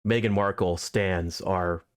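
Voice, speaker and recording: A deadpan man from Southern California co-hosting a casual podcast. His voice sits a little low, and he delivers dry, sarcastic jokes without much fuss. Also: slow, smooth. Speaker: podcast co-host. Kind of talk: casual chat.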